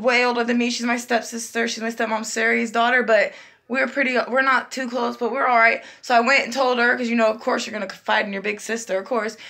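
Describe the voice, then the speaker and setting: A woman's voice: fairly high pitch, gravelly, sharp tone. A young woman telling a personal story in a casual, chatty vlog style, acting out the voices of people she quotes. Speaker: vlogger.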